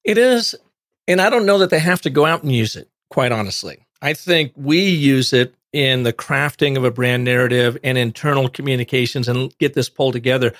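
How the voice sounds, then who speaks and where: A man, an author guest on an interview, telling a long anecdote in a lively conversational way. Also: mid-range voice, a little fast, no echo, studio quality. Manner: animated anecdotal storyteller. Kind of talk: conversational storytelling.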